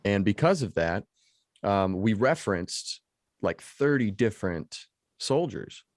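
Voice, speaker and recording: A man's voice: on the low side, big pitch swings, a little slow, dry recording, clean studio sound. A man hosting an interview podcast, asking long questions with many restarts and fillers. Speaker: podcast host. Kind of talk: casual interview chat.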